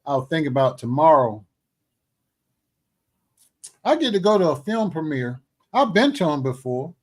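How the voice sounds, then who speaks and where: A middle-aged man hosting a casual talk show, animated, exclaiming and joking as he talks. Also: fairly high pitch, moderate pace. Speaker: show host. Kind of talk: casual chat.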